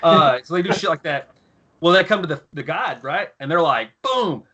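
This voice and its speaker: Man, thirties, bright and forceful voice, slightly high, profane animated storyteller. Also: a little fast. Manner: profane, animated, acts out yelling officers in his stories. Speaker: podcast guest, former Marine and author. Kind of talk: casual storytelling.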